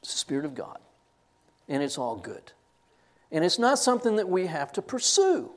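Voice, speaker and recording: Animated older man teaching scripture. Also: high voice, moderate pace. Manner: animated, laughs and chokes up while telling stories. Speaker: Bible teacher. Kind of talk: classroom sermon.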